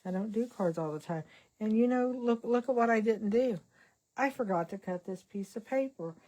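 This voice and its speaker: A woman's voice: a little high, normal speed, darkish tone. An older woman hosting a casual card-making vlog, chatting in a rambling way with self-deprecating asides while she works. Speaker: card-making channel host. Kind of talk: casual crafting vlog chat.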